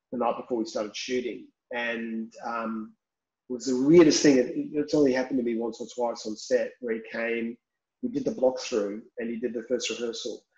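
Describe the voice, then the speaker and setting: A man's voice: mid-range voice, mellow. A man, a film director talking frankly in an interview and swearing casually. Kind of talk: candid interview talk. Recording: roomy, slightly dull recording.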